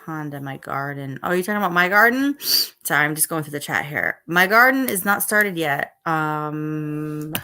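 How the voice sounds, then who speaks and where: Middle-aged woman, lower-pitched, tired, rambling casual livestream chat. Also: expressive, normal speed, pushed and bright, clean tone. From Northeast United States. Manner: chatty, rambling, reads chat aloud. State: tired, yawning. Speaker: livestream host. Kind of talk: casual live stream chat.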